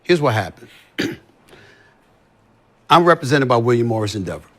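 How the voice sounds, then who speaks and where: As a podcast guest, a sports commentator talks in a heated conversation full of profanity, emphatically repeating his points. His medium-pitched voice is very animated and fairly bright, at a moderate pace.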